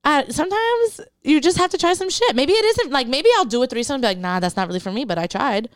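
Blunt, lively New woman. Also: high-pitched, fast, dry recording. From the Bronx, New York. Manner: blunt, exclamatory, full of slang. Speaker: podcast guest, comedian. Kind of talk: casual chat.

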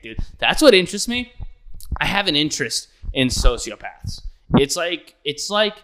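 A young man rants casually with a bright, forward voice that sits a little high. He rambles, swears freely and keeps laughing at his own ideas. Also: sing-song, a little slow. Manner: rambling, profane, laughs often. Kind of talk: casual comedic rant.

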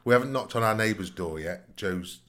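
A man's voice: fairly low pitch, animated, a little fast, fairly bright tone. A man, co-hosting a casual podcast chat, joking and teasing with bursts of laughter. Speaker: podcast co-host.

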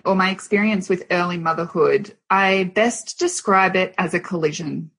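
A woman's voice: on the low side, a bit bright, breathy edge. A woman in her thirties, a nutritionist and wellness coach, talks openly and reflectively as a guest in a casual podcast interview, with frequent ums. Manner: open and reflective, with frequent um fillers.

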